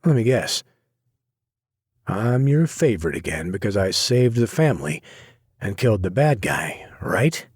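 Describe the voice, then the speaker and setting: A man voicing a wry, rough young mobster who teases and then speaks hushed. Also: lowish voice, big pitch swings, unhurried, pauses often, dry recording, clean studio sound, heavily acted. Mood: teasing.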